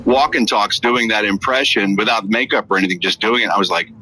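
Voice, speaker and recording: Dry-witted man, bright tone. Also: on the low side, brisk, a little hiss or hum, low-quality recording. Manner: dry teasing quips. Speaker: podcast co-host. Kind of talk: casual chat.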